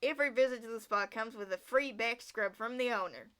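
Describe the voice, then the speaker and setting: A woman voicing a creepy old man who runs a spa in a story game, making a pushy sales pitch. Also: brisk, fairly bright tone, smooth, lightly acted. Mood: smarmy.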